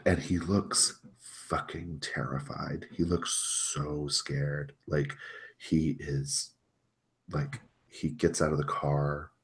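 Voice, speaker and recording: A man with a very deep voice, running a tabletop role-playing game as its game master. He narrates in a loose, rambling way, full of fillers and restarts.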